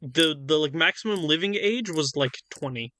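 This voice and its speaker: Bright-voiced man riffing on a fanfic. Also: fairly high pitch, lively intonation, moderate pace. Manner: reads narration, breaks off to joke. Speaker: reader and host. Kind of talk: comedic fanfic reading.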